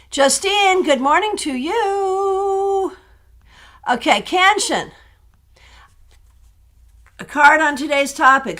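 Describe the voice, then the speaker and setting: A woman tarot reader chatting casually on a live stream, answering viewer questions in an animated way that breaks into laughter. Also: high-pitched.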